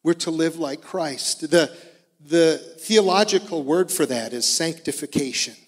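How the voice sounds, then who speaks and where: A man's voice: fairly high pitch, measured pace, in a large hall. A man in his forties preaching a sermon in an earnest, conversational way. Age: 40s. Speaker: pastor.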